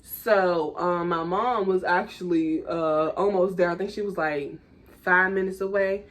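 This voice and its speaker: A young woman tells a personal story straight to her viewers. Her delivery is casual and animated, full of fillers and asides to the audience. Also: on the low side, a little slow. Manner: chatty, animated, lots of "like" and "y'all". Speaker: vlogger.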